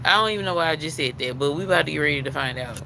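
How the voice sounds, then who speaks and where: Man, live tarot card reading, fairly high-pitched voice, gravelly, earnest and repetitive. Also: racing, pushed and bright, slight background noise, poor audio. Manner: earnest, repetitive, preacher-like emphasis.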